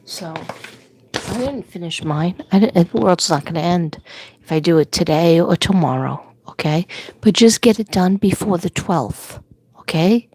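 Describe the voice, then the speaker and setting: A woman's voice: fairly low pitch, lively intonation, measured pace, darkish tone. An older woman with a New York accent, chatting casually and telling rambling stories on a livestream. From Staten Island, New York. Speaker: livestream host. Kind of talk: casual chat.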